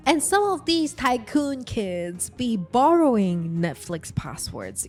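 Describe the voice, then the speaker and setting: Chatty young woman vlogging, mellow voice. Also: mid-range voice, very animated, slow, few pauses, soft background music. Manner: chatty and slangy, addressing viewers directly. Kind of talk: casual commentary vlog.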